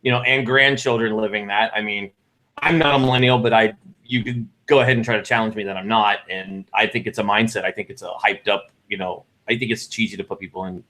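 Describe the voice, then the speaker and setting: A middle-aged man with a lowish, sharp-toned voice talks fast and with fairly flat intonation. Co-hosting a chat podcast, he rambles casually, often breaking off to restart or fix what he said.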